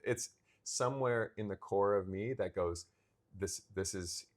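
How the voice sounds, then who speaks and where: Man, 30s, low voice, podcast co-host, casual chat, animated storytelling. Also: measured pace. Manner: animated storyteller, acting out remembered dialogue.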